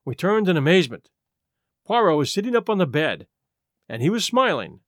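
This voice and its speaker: A man reading a story aloud in measured first-person narration. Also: high-pitched, big pitch swings, a bit bright, no room sound, studio quality. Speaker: audiobook narrator.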